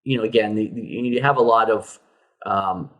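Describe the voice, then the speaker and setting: A man's voice: fairly low pitch, normal speed, fairly bright tone. A man co-hosting a casual podcast chat about TV shows, rambling with lots of fillers and restarts. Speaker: podcast co-host.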